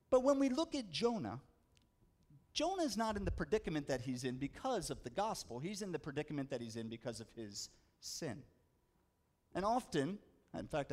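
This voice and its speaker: A man preaching a sermon, telling a story with dramatic slowdowns and rising emphasis. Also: medium pitch, a little mellow. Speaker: pastor.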